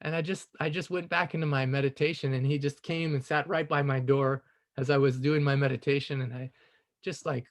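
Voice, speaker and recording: Earnest, reflective man telling a story. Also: medium pitch. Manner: earnest, reflective, often says "you know", laughs softly. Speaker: call participant sharing a personal story. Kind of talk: casual spoken storytelling.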